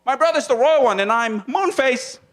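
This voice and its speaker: Lively, high-voiced stand-up comic from Hawaii. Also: male voice, normal speed. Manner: animated, playful, slips into character voices and movie-trailer deep voice. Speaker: stand-up comedian. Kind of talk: stand-up comedy set. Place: small comedy room with a low stage. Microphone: handheld stage mic.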